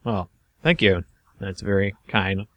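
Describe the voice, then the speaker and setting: Low-pitched male co-host, dry delivery, deadpan humor, close dead-room mic. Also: slow, dry recording. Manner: dry, deadpan one-liners. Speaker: podcast co-host. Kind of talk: casual banter.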